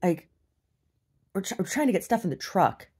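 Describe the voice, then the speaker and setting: A woman's voice: mid-range voice, expressive, moderate pace, darkish tone, slightly rough. A woman recording a casual video diary, venting bluntly with plenty of swearing and mocking the people she talks about. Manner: blunt, profane, exasperated venting; mocks others in exaggerated voices. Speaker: video diarist.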